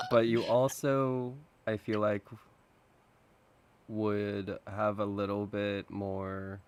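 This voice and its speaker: A man running a tabletop game as dungeon master, giving measured rulings. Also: lowish voice, smooth.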